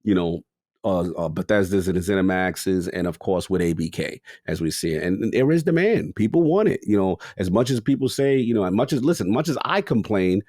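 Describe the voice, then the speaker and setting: Male podcast co-host, lower voice, lively swinging pitch, dry close mic. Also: a little fast, dry recording. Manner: laughs often, says "bro" and "listen, man". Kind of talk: casual podcast chat.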